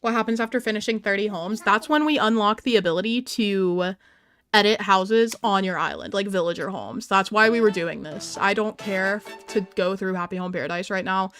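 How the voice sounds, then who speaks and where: While gaming on a live stream, a young woman chats casually, reading her viewers' messages aloud and replying to them. Her mid-range voice is a bit bright and moves at a moderate pace. Soft music plays in the background.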